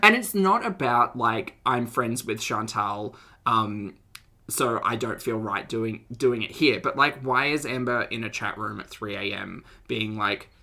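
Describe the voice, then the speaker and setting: A woman's voice: a bass voice, expressive, a little slow, gravelly, sharp tone. A young woman talking casually to her live-stream chat, giggling often and trailing off into restarts. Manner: addresses her chat directly. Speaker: streamer reacting to videos.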